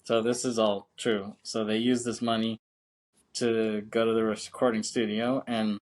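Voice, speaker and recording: A man's voice: lowish voice, flat delivery, unhurried, a little mellow. A man co-hosting a film podcast, chatting casually, laughing often, swearing freely and saying "you know what I'm saying" a lot. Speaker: podcast co-host.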